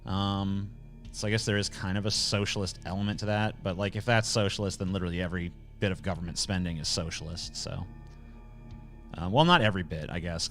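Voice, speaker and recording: A man's voice: sits low, a bit bright. A man hosting a casual livestream, reading chat questions aloud and answering in a blunt, sarcastic, profane way.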